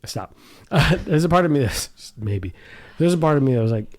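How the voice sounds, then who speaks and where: A podcast co-host with a slightly high, animated, somewhat mellow male voice tells stories at a moderate pace. The chat is casual, and he swears freely and laughs often.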